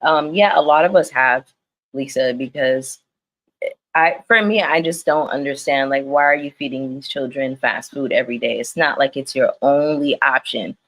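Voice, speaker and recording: A young woman giving casual, animated livestream commentary on a reality show, laughing often. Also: extremely low pitch, moderate pace. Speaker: reality TV recap streamer.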